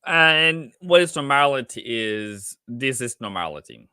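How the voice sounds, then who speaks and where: Casting note: male trading mentor, bright tone, dry close sound, jokey and rambling live commentary. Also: medium pitch, expressive, measured pace, clear, resonant tone, dry recording. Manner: rambling, self-mocking and jokey. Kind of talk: casual live-stream market commentary.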